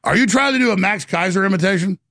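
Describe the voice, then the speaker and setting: A middle-aged man hosting call-in talk radio, intense and quick, repeating himself. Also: high-pitched, a bit bright, dry recording, clean studio sound. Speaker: radio talk show host.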